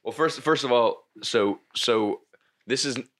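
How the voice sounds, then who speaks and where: A young man, a stand-up comedian, chatting casually on a podcast, rambling and halting with many restarts and curses. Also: medium pitch, a bit bright.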